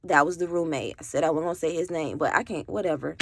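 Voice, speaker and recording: A woman's voice: low voice, quick pace, slight background noise. A young adult woman telling her own story in a rambling, candid way, full of "like" and casual swearing.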